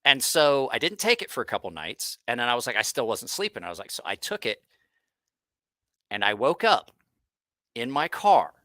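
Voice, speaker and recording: Bright-voiced man telling profane stories. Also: mid-range voice, sing-song, normal speed, long pauses, no room sound. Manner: rambling, profane, frequent restarts. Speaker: host. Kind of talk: casual livestream storytelling.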